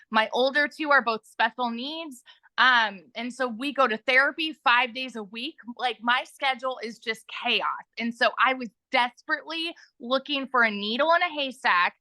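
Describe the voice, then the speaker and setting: Excited woman in her 30s, high bright voice, chatty livestream guest, dry sound. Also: no echo. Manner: chatty, excited, talks straight to viewers. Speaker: guest sharing her story. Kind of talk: casual livestream interview.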